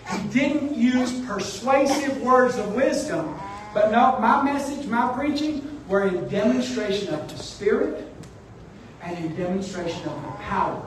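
A pastor preaches emphatically, exhorting his congregation in a church sanctuary. His voice sits high with lively intonation and an unhurried pace. The mic is at a distance in an echoey hall, and there's a little hiss or hum.

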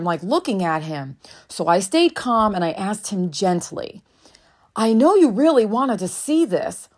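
A woman in her thirties, a mother telling a parenting story in a candid, reflective way, swearing now and then. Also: mid-range voice. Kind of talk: casual storytelling monologue.

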